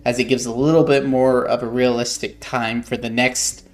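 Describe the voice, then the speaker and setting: A man's voice: medium pitch, little pitch movement, moderate pace. A man, an author, reading passages from his own novel aloud and explaining his edits in a thoughtful, hesitant way, often correcting himself.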